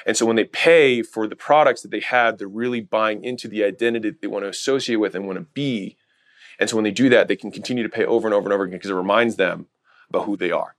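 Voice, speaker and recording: Male podcast host, low-pitched, relaxed talk on branding and stories. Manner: casual, storytelling with quick character voices. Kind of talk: business advice monologue.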